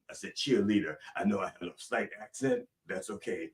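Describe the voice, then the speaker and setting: A comedic preacher host from northern Maryland, speaking with a Maryland accent, runs a mock sermon that swings between booming prayers and mumbled asides. He talks briskly into a distant mic.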